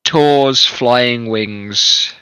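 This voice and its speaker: A man narrating a tabletop game as game master, with measured, descriptive storytelling. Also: mid-range voice, sharp tone, smooth, no echo, rough recording.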